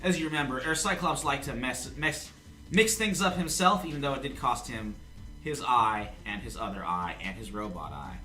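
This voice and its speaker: Male game master, bright tone, relaxed rambling narration, echoey room. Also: mid-range voice, normal speed. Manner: casual, chatty, full of fillers. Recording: echoey room with faint music.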